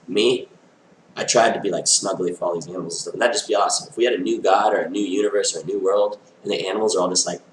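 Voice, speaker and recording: A man's voice: on the low side, reverberant, slight background noise, low-quality recording. A man talking to camera in a rambling, stream-of-consciousness monologue, full of "like" and loose tangents. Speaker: vlogger.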